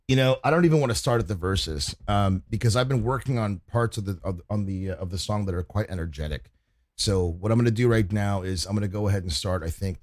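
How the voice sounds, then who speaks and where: A man's voice: lowish voice, darkish tone, no room sound, clean studio sound. A man casually talking through his mixing work on a livestream, swearing freely as he explains each step. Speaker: mixing engineer teaching on a livestream.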